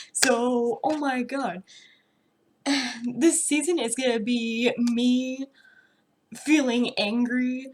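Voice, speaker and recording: A young woman vlogger ranting about a TV episode, exasperated, sarcastic and full of swearing. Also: on the high side. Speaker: reaction vlogger. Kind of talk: ranting reaction commentary.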